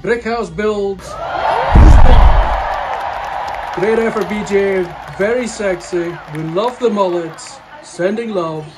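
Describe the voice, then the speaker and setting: A man's voice: high-pitched, a little slow, few pauses, loud music behind the voice, over a noisy crowd, low-quality recording. A Scottish man giving points with cheeky, grandiose phrasing. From Scotland.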